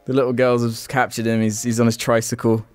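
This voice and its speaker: A man's voice: mid-range voice, completely flat delivery, brisk, dry recording, faint music behind. A man co-hosting a casual podcast, joking and teasing and swearing freely. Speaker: podcast co-host. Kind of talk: casual podcast chat over a call.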